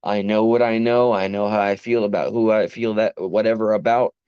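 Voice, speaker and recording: Rambling New York man, low dry voice. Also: steady tone, fairly quick, clear, resonant tone, no echo. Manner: rambling, self-interrupting, earnest. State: tired after a long workday. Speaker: livestream host. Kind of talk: late-night solo rant to live chat. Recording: dry, dull lo-fi sound.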